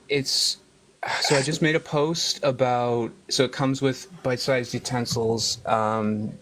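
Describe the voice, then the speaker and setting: A man as an interview guest, telling stories animatedly with frequent laughs and sudden jumps in pitch. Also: background noise. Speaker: guest, cookbook author. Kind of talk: casual interview chat.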